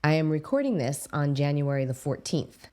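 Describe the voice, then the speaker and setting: Low-voiced emphatic woman astrologer. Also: very animated, normal speed, mellow. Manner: emphatic, stresses key words, addresses viewers directly. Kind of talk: explanatory talk to camera.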